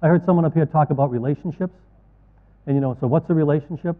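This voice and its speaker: A man's voice: fairly high pitch, quick pace. Middle-aged man, earnest folksy speaker, lo-fi hall recording. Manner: folksy, earnest, storytelling with asides. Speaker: conference speaker. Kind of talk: keynote talk to financial advisors. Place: large conference hall. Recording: tinny, echoey hall audio.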